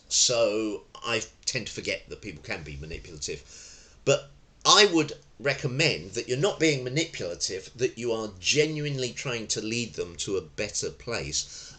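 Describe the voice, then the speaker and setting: A man's voice: medium pitch, bright, forceful tone. A male self-defence instructor, seated at a table indoors, explaining with demonstrations and wandering off into asides. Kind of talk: explaining to camera.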